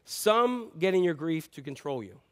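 With a fairly high pitch and a very animated delivery, a middle-aged pastor preaches at a moderate pace. His sermon unfolds through conversational storytelling that veers between loud stresses and quiet asides.

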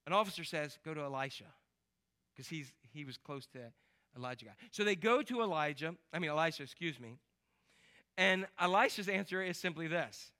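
A man preaching a lively, joking sermon in church and quizzing the congregation. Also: on the high side, fairly quick. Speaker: pastor.

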